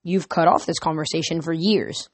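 A woman's voice: deep voice, fairly even intonation, normal speed, no room sound. A woman reading the part of a hurt, angry teenage girl who pleads emotionally, recorded dry and close. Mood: upset. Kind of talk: audiobook character reading.

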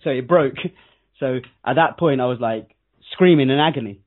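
A man's voice: medium pitch, normal speed. A young man telling a personal story in casual chat, often laughing as he goes. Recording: tinny phone-like sound.

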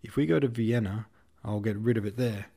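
A man's voice: fairly low pitch, fairly even intonation, brisk, mellow. A man voicing a shifty male lieutenant who talks in a breezy, overly cheerful way. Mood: falsely cheerful.

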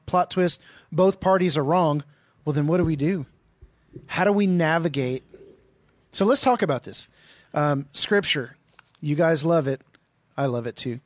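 A man with a voice on the high side co-hosts a casual Christian talk stream, recorded with no room sound. He reads verses aloud and probes his partner, pushing questions at him.

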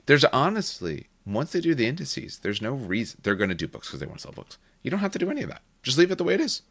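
A man's voice: mid-range voice, wildly swooping pitch, fast, a bit bright, dry recording. A man hosting a podcast in casual gaming chat, opinionated and rambling with restarts. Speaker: podcast host.

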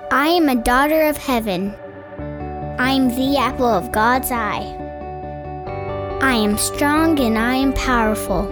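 A woman's voice: high voice, unhurried, long pauses, music in the background. A girl earnestly reciting affirmations in an ad.

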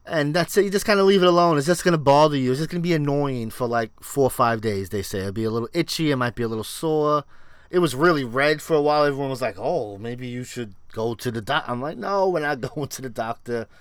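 A man from Puerto Rico co-hosting a podcast, telling stories in a loose, profane, animated way. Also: a little high, fast talker, clean tone, no echo, studio quality. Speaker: podcast co-host. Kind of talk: casual chat.

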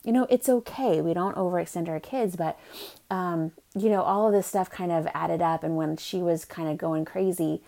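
A woman's voice: on the low side, moderate pace, creaky, warm tone. A middle-aged woman hosting a parenting podcast, talking in a chatty, upbeat way with plenty of fillers. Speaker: podcast host, parenting coach. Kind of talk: casual podcast talk.

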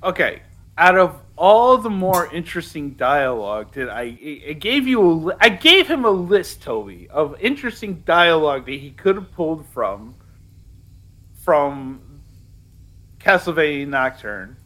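A man's voice: a little high, sing-song, measured pace, bright, forceful tone. A man hosting a podcast, with joking, exasperated banter. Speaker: podcast host. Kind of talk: casual chat.

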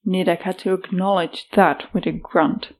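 In a steady storytelling manner, a woman narrates an audiobook with a fairly low pitch at a moderate pace.

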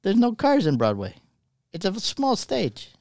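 A man's voice: high-pitched, huge pitch swings, unhurried, a little mellow, dry recording, studio quality. A man with a Florida accent co-hosting a casual podcast, joking and bantering in an easygoing way. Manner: laid-back, joking banter. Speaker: podcast co-host. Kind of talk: casual chat.

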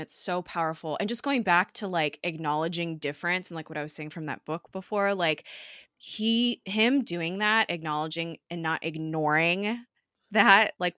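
A woman co-hosts a casual recap podcast, talking in a chatty, filler-heavy way and acting out bits of dialogue. Her voice is bright and forward, a little lower in pitch than most women's, and recorded dry and close with no room sound. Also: no room sound. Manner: chatty, many fillers, animated retelling with quoted dialogue. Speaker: podcast co-host.

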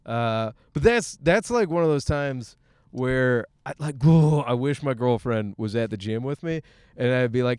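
A young man hosting a solo podcast, ranting in a profane, animated way and laughing through his stories. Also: medium pitch, measured pace, clear, resonant tone, dry recording. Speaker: podcast host.

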